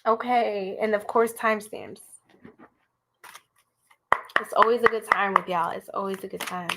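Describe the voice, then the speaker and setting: Heavy background noise surrounds this young American tarot reader, whose mid-range voice is creaky and measured. Live-streaming her reading, she chats animatedly and speaks straight to viewers, calling them "y'all."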